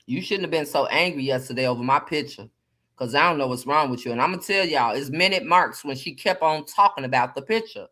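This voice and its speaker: A woman's voice: low voice, brisk, a bit bright. A woman with a lilt holds court on a casual live stream. She gossips with sass, drawing out her words and tossing asides to her viewers. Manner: sassy, gossipy, drawling commentary. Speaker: host.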